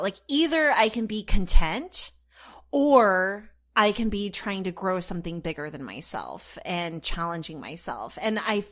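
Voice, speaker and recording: Low-pitched woman podcast co-host. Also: fairly bright tone. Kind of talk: casual chat.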